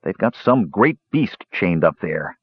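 A man voicing a big young man, the glum eldest brother, who groans and speaks low. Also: lively intonation, a little slow, slightly rough, full character voice. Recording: dull lo-fi recording.

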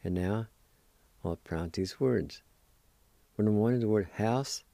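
A man hosting a language lesson, spelling words letter by letter and pronouncing them slowly and deliberately. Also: on the low side, vocal fry, dark tone, no room sound. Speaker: host teaching Cherokee words.

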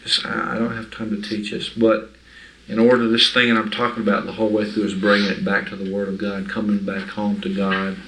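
A man leads an informal Bible study for a small group, speaking conversationally and emphatically and often checking that everyone follows. His fairly low voice is completely flat, a little fast, and slightly bright, with some hiss or hum. The mic is distant in an echoey room.

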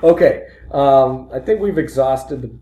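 A man's voice: mid-range voice, unhurried, warm tone. A man co-hosting a podcast, chatting casually about sports with dry, self-mocking humor. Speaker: podcast co-host. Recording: roomy echo.

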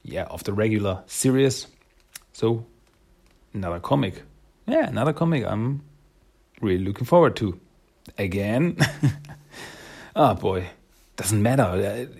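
Gravelly, husky male podcast host. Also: mid-range voice, a little mellow. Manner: rambling, upbeat, many fillers. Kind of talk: casual solo podcast talk.

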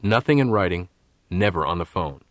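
A shrewd male bank executive speaks in a low, measured voice, careful with every word, as the narrator reads him. He sounds guarded and controlled. The reading is dry and close. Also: lively intonation, no room sound.

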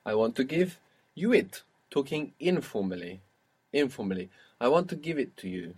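A man leads a spoken language lesson at a medium pitch. He sets up phrases, asks for answers and confirms them patiently. His tone stays calm and guiding throughout. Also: moderate pace, husky. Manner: patient, prompting and correcting a learner. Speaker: language teacher.

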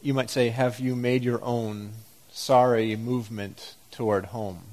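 A man delivering a sermon, pausing to ask his listeners pointed, reflective questions. His voice sits at a medium pitch, and he reads the scripture passages with drama. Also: steady tone, darkish tone. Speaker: preacher.

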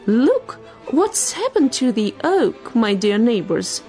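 A woman's voice: a little high, very animated, slow, warm tone, soft background music. A woman voicing a male magpie, a fussy busybody who chatters shrilly. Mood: fussing.

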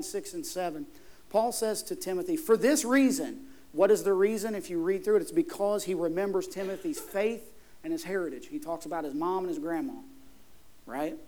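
High-voiced preaching pastor, man. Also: fairly quick, a little mellow. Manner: preaching with rising emphasis, rhetorical questions to the congregation. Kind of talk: sermon.

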